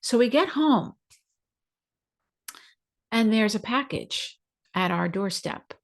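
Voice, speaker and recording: A woman's voice: on the high side, lively intonation, slow. A woman hosting a podcast, telling a personal story in a conversational way, acting out her own thoughts as quoted asides. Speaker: podcast host.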